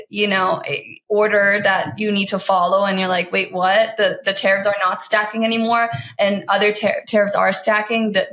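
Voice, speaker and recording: A woman hosting a podcast, chatting casually with quick asides. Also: medium pitch, a bit bright, roomy sound. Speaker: podcast host. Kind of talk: casual chat.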